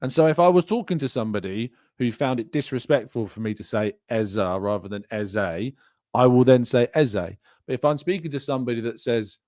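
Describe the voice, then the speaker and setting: An English podcast host with a mid-range, darkish voice runs a live fan show, rambling chattily and laughing often as he reads out viewer comments. The sound is clean studio audio without echo.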